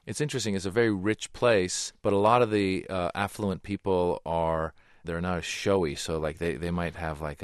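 Guest comedian from Iran, 40s, low voice, animated storyteller, dry studio sound. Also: male voice, no echo. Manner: animated storyteller, acts out quotes. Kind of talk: casual interview chat. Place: radio studio.

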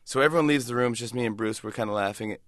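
A man in his forties telling an anecdote in a casual interview, animated and slipping into quick voices of others. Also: medium pitch, dry recording, clean studio sound. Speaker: talk show host and impressionist.

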